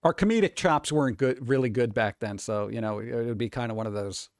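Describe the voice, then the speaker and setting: A man's voice: mid-range voice, fast, no echo, studio quality. A man in his forties, a streamer rambling casually and answering chat, swearing and chuckling often.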